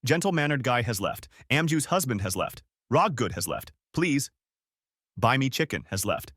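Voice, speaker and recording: A man voicing a game's system announcer, listing notices in an even announcer delivery, recorded dry and close. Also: medium pitch, normal speed, breathy edge, dry recording. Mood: announcing. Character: flat game system announcer, neutral machine.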